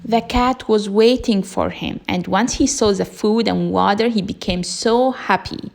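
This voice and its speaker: Slow gravelly woman storyteller. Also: medium pitch, darkish tone. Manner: slow, simple storybook reading. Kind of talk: bedtime story narration.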